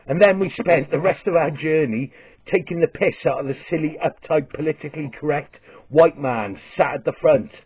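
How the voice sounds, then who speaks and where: A man's voice: fairly high pitch, normal speed, slightly rough. A man with a Welsh accent telling a comic story as a vlogger, blunt and sweary, with restarts. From Wales. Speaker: vlogger and comedian. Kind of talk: rambling comic storytelling monologue. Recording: tinny phone-like sound.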